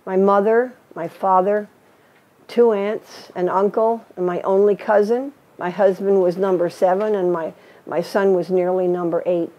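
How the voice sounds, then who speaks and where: A woman's voice: mid-range voice, steady tone, measured pace, warm tone, lo-fi sound. An older woman telling her personal faith story in an earnest, storytelling way, acting out the voices she quotes. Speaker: missionary teacher. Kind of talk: personal testimony.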